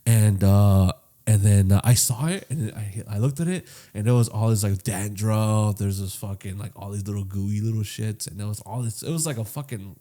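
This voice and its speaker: A man co-hosting a casual podcast, telling a long story with lots of swearing, swinging between loud and quiet. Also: lowish voice, normal speed. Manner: profane, animated storytelling that swings loud and soft. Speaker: podcast co-host.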